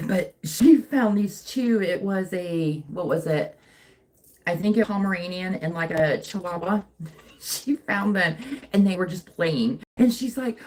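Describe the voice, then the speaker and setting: A young woman talks through a casual livestream from home on her phone. Her voice sits fairly low, and her chatter rambles and keeps doubling back as she works on a craft. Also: lively intonation, moderate pace, a little mellow. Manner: rambling, chatty, self-interrupting. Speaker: livestream host. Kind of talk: casual live chat while crafting. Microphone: phone mic.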